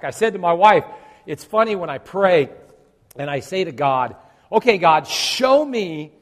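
A man preaching as pastor, telling a lively story to his congregation with groans acted out. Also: a little high. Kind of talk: sermon. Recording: long hall reverb.

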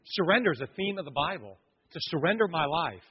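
A man's voice: fairly high pitch, fairly quick, husky. A man preaching a sermon, telling a personal story and acting out the other people in it. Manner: storytelling, animated, acts out voices of others. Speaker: pastor. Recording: dull lo-fi audio in a long-reverb hall.

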